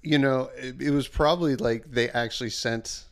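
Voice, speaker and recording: A man co-hosts a podcast in casual chat, his mid-range voice steady in tone and normal in speed. He rambles, with many fillers and hesitations.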